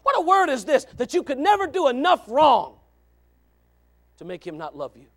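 A male pastor with a high, gravelly voice that leaps up and down in pitch. He swings between quiet, conversational asides and loud, shouted declarations, and he reads scripture aloud in old-fashioned wording. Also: huge pitch swings, moderate pace. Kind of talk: fiery sermon.

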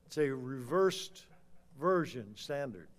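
An older man preaching a fiery sermon, swinging from low muttering to loud shouts. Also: expressive, slow pace. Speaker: pastor.

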